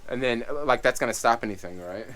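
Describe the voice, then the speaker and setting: A man in a casual storytime vlog, talking in an animated, excitable rush, piling on fillers as he tells it. His voice sits at an ordinary middle pitch for a man. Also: brisk. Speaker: vlogger.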